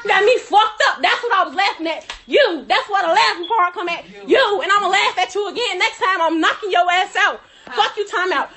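A woman's voice: very high voice, a little fast, pushed and bright. A woman delivering a heated, profane rant, cursing and laughing through her anger. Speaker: friend telling her side.

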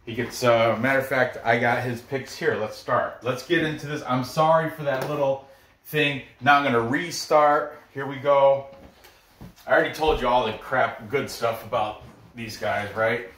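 Excitable man in an echoey room. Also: mid-range voice, normal speed, recorded from a distance, slight background noise. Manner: excitable, bragging, chatty with restarts. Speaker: MMA picks video host. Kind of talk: casual solo commentary. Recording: echoey room, somewhat off-mic.

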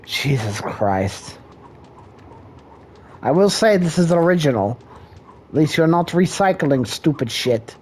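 High, gravelly man mocking with crude jokes. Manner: profane, mocking, laughing often. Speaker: video reactor. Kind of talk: crude reaction commentary.

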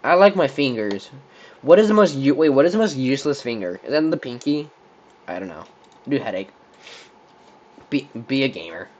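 Give me a young guy casually playing would-you-rather on camera, mid-pitched and easygoing, with a slightly muffled home recording. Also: lively intonation, moderate pace, pauses often, a little mellow. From Texas. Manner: rambling, thinking aloud with many likes and restarts. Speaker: channel host. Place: room with a squeaky chair.

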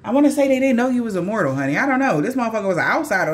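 A woman talking straight to her viewers in a loose, profane psychic reading, laughing between lines. She speaks at a medium pitch with a faint hiss of noise behind her. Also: animated, fast talker. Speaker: psychic reader. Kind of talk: casual spiritual reading vlog.

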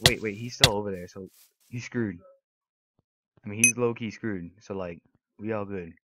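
A young man giving casual, excitable gameplay commentary, trash-talking opponents and swearing often. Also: lowish voice, normal speed, long pauses. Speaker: gaming YouTuber. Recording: noisy recording with mouse and keyboard clicks.

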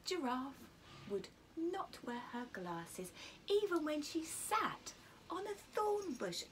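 A woman teacher reading a picture book to children, animated, asking them questions and often dropping to a whisper. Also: sits high, takes it slowly, slight background noise.

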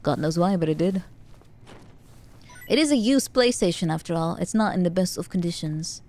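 A woman's voice: lowish voice, moderate pace, darkish tone. A woman streaming a stealth video game, chatting playfully with frequent giggles and stammered restarts. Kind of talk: live game commentary.

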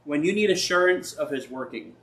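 A man's voice: on the high side, lively intonation, brisk, fairly bright tone. A man preaching a sermon as pastor, talking conversationally and acting out people's questions to God.

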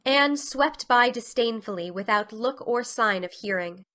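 A woman reads a classic story aloud in a dramatic storybook style. Her voice is bright and forward and pitched a little high. She brings expressive life to the narration. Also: a little slow.

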